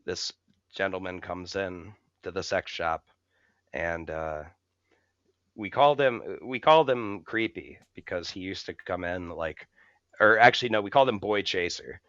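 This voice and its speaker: Laughing through the telling, a young man shares a meandering, swear-filled story with his fellow podcast co-hosts. He speaks a bit slowly in a low, expressive, bright, clean voice, close-miked and dry with no room sound, though the audio comes across a little dull and muffled.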